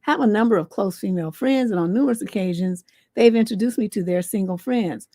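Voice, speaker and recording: A woman relationship coach hosts a livestream advice show. She gives blunt, sassy advice full of swearing, in a mid-pitched voice. The sound is dry and close to the mic. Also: fairly quick, mellow, dry recording.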